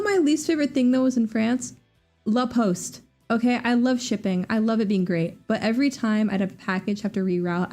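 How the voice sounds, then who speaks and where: A streamer in her twenties with a Southern US accent chats casually on a livestream. Her medium-pitched voice moves fast and animatedly, rambling with lots of fillers and restarts.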